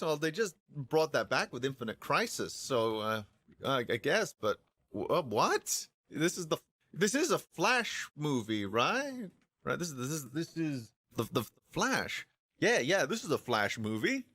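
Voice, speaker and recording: A man talking on a livestream in a casual rant, often stammering and repeating words as he acts out both sides of imagined back-and-forth conversations. His voice is bright and forceful. The sound is dry and close. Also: on the high side, big pitch swings, moderate pace, dry recording. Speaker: streamer discussing films.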